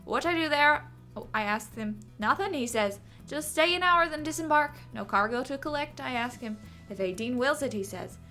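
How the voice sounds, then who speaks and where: A woman's voice: a little high, moderate pace, bright, forceful tone, faint music behind. A woman voicing an older male sea captain with a put-on accent, telling a story and stumbling over long words. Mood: reminiscing.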